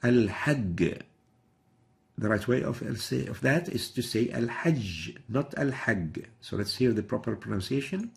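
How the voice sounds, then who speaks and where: A man's voice: mid-range voice, animated, measured pace, vocal fry. A middle-aged man teaching Quran recitation in a methodical lesson, repeating example words to demonstrate each sound. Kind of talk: instructional lesson.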